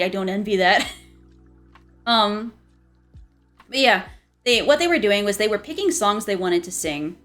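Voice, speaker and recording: A woman's voice: mid-range voice, a bit bright. A young woman streamer chatting casually, rambling with many restarts and frequent giggles. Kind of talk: casual chat.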